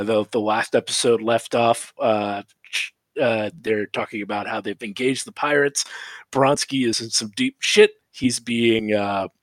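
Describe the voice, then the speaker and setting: A man casually recapping episodes of a show on a podcast, rambling with restarts and quick laughing asides. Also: mid-range voice, dry recording. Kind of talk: casual chat.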